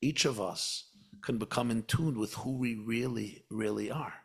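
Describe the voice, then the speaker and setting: A man speaking as a spiritual teacher on a podcast, teaching with animated emphasis and repeating phrases. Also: mid-range voice, measured pace, vocal fry, breathy edge. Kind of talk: podcast conversation.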